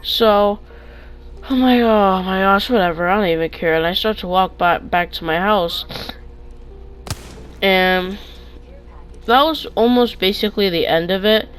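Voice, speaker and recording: A young man tells casual stories for his channel, wandering off track and restarting sentences. He gets loud and excited in the retellings. His voice comes through a clip-on mic. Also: high voice, unhurried, long pauses, low-quality recording. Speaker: vlogger. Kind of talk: casual storytime.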